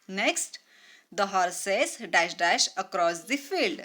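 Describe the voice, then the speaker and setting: Slow, lively woman teaching children. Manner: slow and deliberate, repeating words; mimics animal sounds in a high voice. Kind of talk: grammar lesson for young children.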